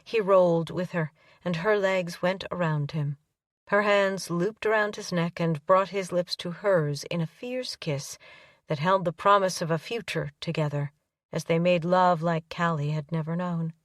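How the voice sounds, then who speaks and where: A woman's voice: on the low side, fairly even intonation, a little slow, no echo, studio quality, far from the mic. Woman narrating a romance audiobook.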